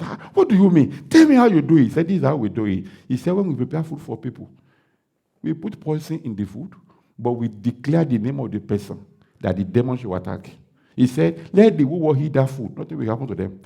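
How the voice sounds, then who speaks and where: A Nigerian man, a pastor, preaching a sermon and acting out the dialogue of a story he tells, breaking into loud declarations. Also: medium pitch, gravelly, slightly rough.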